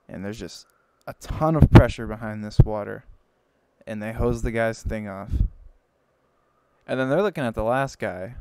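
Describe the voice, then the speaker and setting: A man's voice: medium pitch, darkish tone, smooth, no room sound, poor audio. A young man livestreaming and telling a long joke in a rambling, self-interrupting way. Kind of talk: casual joke telling on a live stream.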